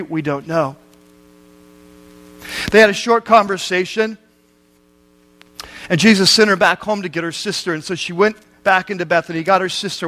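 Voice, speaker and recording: A man's voice: high voice, a bit bright. A man preaching a sermon, retelling a scripture story in everyday speech with rhetorical questions to the listeners.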